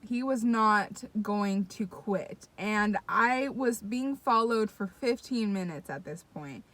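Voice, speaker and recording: A young woman telling a story to her viewers in casual, excitable, profane chat, talking straight to the audience. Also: medium pitch, takes it slowly. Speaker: vlogger.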